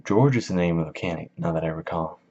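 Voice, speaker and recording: A man's voice: sits low, quick pace, a little mellow, slight background noise. A man giving a casual book summary in a slangy, rambling, jokey way, in a dull lo-fi recording. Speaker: video host.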